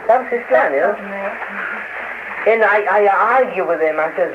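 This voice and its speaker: Guest: man, high lively voice, hesitant and restarting, tinny phone-like band over loud hiss. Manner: halting, hesitant, many restarts and fillers. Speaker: interview guest. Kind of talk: casual interview talk. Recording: noisy lo-fi archival radio, phone-like.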